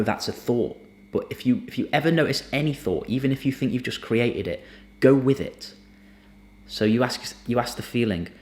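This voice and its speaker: A man teaching somatic emotional release in a gentle, earnest, unhurried way, sometimes dropping almost to a whisper. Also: medium pitch. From United Kingdom. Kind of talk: reflective spoken teaching to camera.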